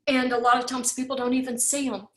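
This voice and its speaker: A woman's voice: sits high, level tone, fast talker, a bit bright, reverberant. A woman giving a heartfelt, tearful farewell speech as host of an online talk, repeating her words and saying y'all.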